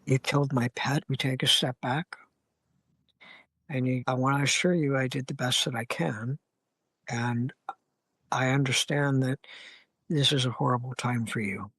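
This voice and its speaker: A man speaking as a therapist guest on an interview podcast, animated and acting out heated scenarios with blunt language. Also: medium pitch, a little slow, pauses often, husky, no echo. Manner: animated, acts out angry scenarios with profanity. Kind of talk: conversational interview.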